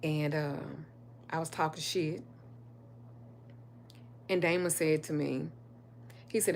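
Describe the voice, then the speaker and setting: A middle-aged woman who works as a spiritual reader and livestream host tells personal stories on a casual stream, speaking with a drawl and a slightly lower pitch than most women. She's candid, emphatic, and swears freely, her voice slow and gravelly with frequent pauses, a faint hum running beneath it.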